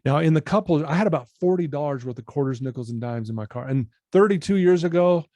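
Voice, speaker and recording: Earnest storytelling guy in his 50s, kinda high voice, super dry close sound. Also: fast, dry recording. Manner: earnest, animated storyteller addressing the host. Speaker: guest, personal-development coach. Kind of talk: podcast storytelling.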